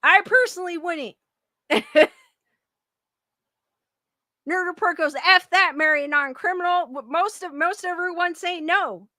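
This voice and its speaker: Woman streamer reading chat, defensive and giggly; high bright voice, dry close sound. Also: unhurried, long pauses, no room sound. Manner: defensive, laughs often, restarts sentences. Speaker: livestream host reading chat. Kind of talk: casual livestream chat.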